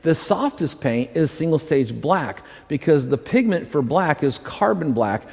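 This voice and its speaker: A man's voice: on the high side, expressive, measured pace, vocal fry, darkish tone, husky, big-room sound. A man teaching car detailing in casual chat, folksy and explaining with simple examples. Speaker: detailing instructor. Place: garage.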